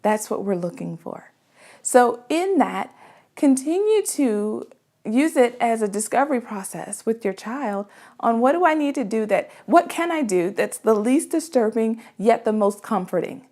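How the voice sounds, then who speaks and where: A mother offers casual parenting advice in an earnest, conversational manner, frequently checking in with the listener through little "right?" asides. Her voice is fairly high and slightly mellow, with wide swings in pitch and an unhurried pace.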